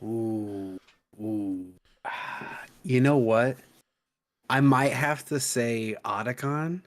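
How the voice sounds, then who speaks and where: A man's voice: mid-range voice, extremely slow. A man co-hosting a podcast in loose, rambling casual chat, full of fillers and restarts.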